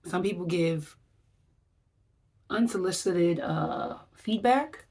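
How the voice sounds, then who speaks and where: A woman's voice: on the low side, slow, a little mellow, slightly rough. A woman wellness vlogger giving a chatty, rambling recap, acting out her reactions as she talks. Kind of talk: casual vlog recap.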